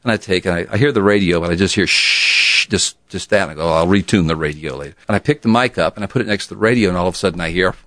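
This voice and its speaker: An older former radio DJ from Charleston, South Carolina, telling stories in an interview and acting out the voices in them. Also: male voice, deep voice, racing, hardly any pauses, no room sound. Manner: animated storyteller who acts out the voices of the people in his stories. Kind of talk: oral-history interview storytelling.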